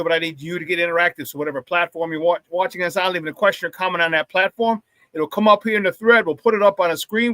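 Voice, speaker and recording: Fired up guy hosting morning sports talk, tense bright voice, super dry sound. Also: high-pitched, no room sound. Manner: hyped, loud, playful shout-outs. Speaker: sports talk show host.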